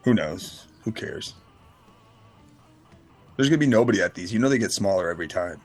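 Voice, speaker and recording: Husky man telling rambling stories. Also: sits low, animated, a little fast, soft background music. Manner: rambling storyteller, swears, mimics people. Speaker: podcast co-host. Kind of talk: casual chat.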